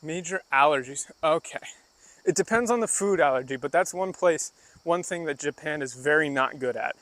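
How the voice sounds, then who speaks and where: A man's voice: a little high, lively intonation, moderate pace, fairly bright tone. A man livestreaming while walking outdoors, chatting loosely with his viewers and demonstrating phrases. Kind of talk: casual livestream chat while walking, answering chat. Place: outdoors, rural path near woods.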